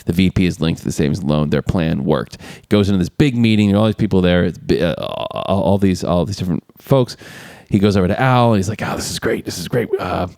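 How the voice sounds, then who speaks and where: Low-voiced man recapping a movie. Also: fast talker, few pauses, no room sound, studio quality. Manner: retells scenes with lively quoted lines, laughs often. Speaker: podcast co-host. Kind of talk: casual movie recap chat.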